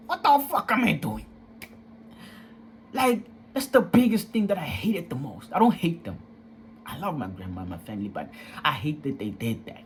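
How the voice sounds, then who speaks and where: A man's voice: a little high, very animated, moderate pace, pauses often, a little hiss or hum. A young man candidly telling a personal story, emotional and profane, in casual street slang.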